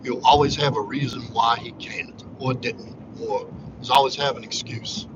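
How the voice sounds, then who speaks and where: A man's voice: medium pitch, fairly even intonation, normal speed. A man hosting a casual livestream monologue, talking in a blunt, profane, preachy way. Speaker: livestream host. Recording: muffled lo-fi audio with background noise.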